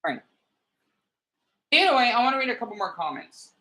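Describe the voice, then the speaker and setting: A man's voice: very high voice, sing-song, a little fast, bright, forceful tone. A man livestreaming commentary and reading viewer comments aloud. He rambles, sounds irritable, and often stumbles and repeats words.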